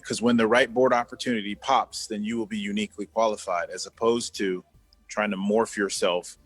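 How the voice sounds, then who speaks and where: A man in his fifties with a low voice speaks as an interview guest over a video call, earnest and deliberate. He repeats key words to press his point. Soft music plays faintly underneath. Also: fairly even intonation, breathy edge, dry recording. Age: 50s. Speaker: guest, former executive. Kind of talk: conversational interview.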